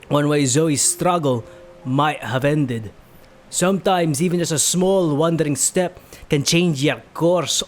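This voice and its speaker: A man's voice: a little high, a little hiss or hum. A man streaming his first playthrough of a horror game, reacting emotionally with exclamations and laughter. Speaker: gaming streamer. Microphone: webcam setup.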